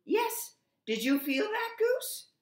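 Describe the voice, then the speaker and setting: A woman voicing an excitable, fussy male duck in a storybook read-aloud, squawking and huffy. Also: extremely high pitch, slow pace, voice pushed up, full character voice. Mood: excited. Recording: echoey room.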